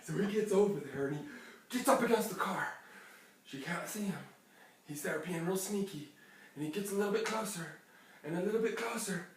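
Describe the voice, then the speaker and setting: A storyteller spinning a lively bedtime tale for a child, laughing often and acting out sound effects along the way. The voice sits at an ordinary pitch. It is picked up from across a strongly echoing room, with faint noise behind it. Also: a little fast, long pauses. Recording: echoey room, distant mic, faint noise.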